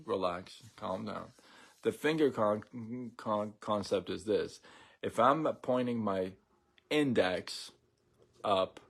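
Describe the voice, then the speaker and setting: A man hosting a casual live stream, talking in a relaxed, rambling way with many fillers and restarts. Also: on the low side.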